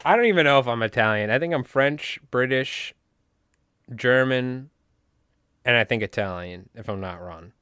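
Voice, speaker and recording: A man from New York with a New York accent, hosting a casual livestream and rambling through jokes without a pause. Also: medium pitch, bright, forceful tone, smooth, no room sound, clean studio sound. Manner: rambling, joking, talks nonstop. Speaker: livestream host.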